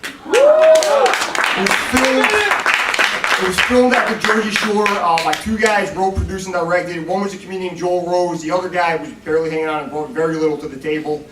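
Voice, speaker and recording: A man with a high voice hosts a stand-up panel in a deadpan, jokey way. He sounds distant in an echoey club. A big crowd laughs loudly behind him. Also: quick pace, few pauses, very noisy. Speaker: comedian host. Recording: roomy live club from afar.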